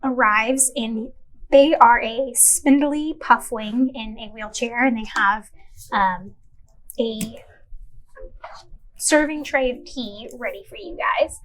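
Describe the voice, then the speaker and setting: A woman narrating a tabletop role-playing game as game master, unhurried and descriptive with fillers. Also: a little high, fairly bright tone, a little hiss or hum, poor audio.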